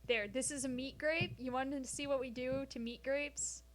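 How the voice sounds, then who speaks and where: A woman's voice: sits high, steady tone, moderate pace, a little hiss or hum. A woman streaming casually from home, rambling and swearing freely as she jokes with her chat between science explanations. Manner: profane, rambling, jokey. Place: home, sitting on the floor.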